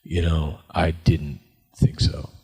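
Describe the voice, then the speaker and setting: Husky man telling stories at a panel. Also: very deep voice, slow. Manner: chatty, animated, acts out quotes. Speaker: convention panel guest. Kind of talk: casual storytelling Q&A.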